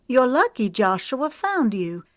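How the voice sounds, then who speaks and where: A woman's voice: on the high side, big pitch swings, unhurried, no echo, studio quality, pitched above the performer's own voice. A woman doing a fretful motherly farm wife. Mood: anxious.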